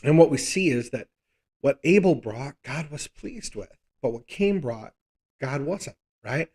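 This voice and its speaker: A man's voice: medium pitch, animated, a little slow, a little mellow, husky. A man teaching a live Bible study, conversational and thinking aloud, often checking in with rhetorical questions.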